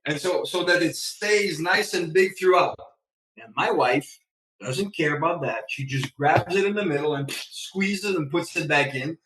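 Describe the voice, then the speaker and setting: A man talking as a podcast guest in a casual chat, an animated storyteller who acts out his own lines. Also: fairly high pitch, measured pace, recorded from a distance. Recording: echoey room, away from the mic.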